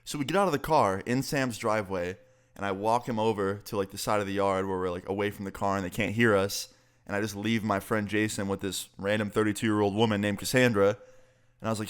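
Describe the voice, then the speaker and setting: A young man in his twenties telling a storytime vlog in a casual, profane, animated way. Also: lowish voice, fast talker, clear, resonant tone.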